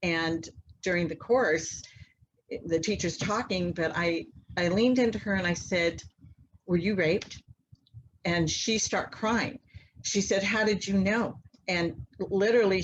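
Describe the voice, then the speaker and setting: A woman guest telling a long personal story in a casual, animated way, acting out the voices of people in it. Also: lowish voice, highs cut off, a little hiss or hum. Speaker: interview guest, mother.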